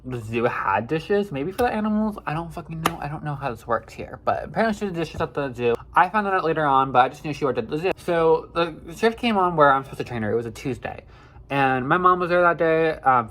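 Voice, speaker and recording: A man's voice: mid-range voice, fairly bright tone. A young man telling a personal story in a casual vlog, rambling with many fillers, swearing and getting worked up. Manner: rambling, filler-heavy, emotional and profane.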